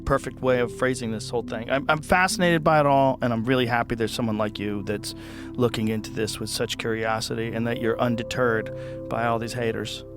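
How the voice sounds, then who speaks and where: Host guy chatting casual, excited, mid-low voice, music playing under him. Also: a little fast, few pauses. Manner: casual, enthusiastic questioning. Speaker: interview host. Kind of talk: interview conversation.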